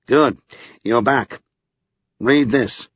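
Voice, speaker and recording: A man's voice: medium pitch, extremely slow, a bit bright, slightly rough, no echo, full character voice. A man doing a curt, blunt servant. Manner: curt, direct. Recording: slightly dull lo-fi.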